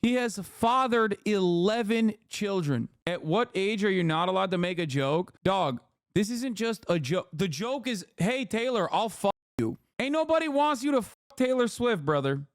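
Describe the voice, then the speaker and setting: Angry high-voiced man ranting. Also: animated, smooth, dry recording, studio quality. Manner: angry, profane ranting, fast and emphatic. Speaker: streamer. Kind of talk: live-stream commentary, reacting to posts.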